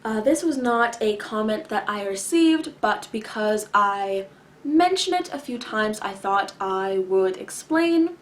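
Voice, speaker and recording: Speaking slowly and deliberately, this woman vlogger has an expressive, mid-range voice as she explains things casually to camera in response to viewer questions. She enunciates clearly, pauses at length, and often uses filler words and clears her throat.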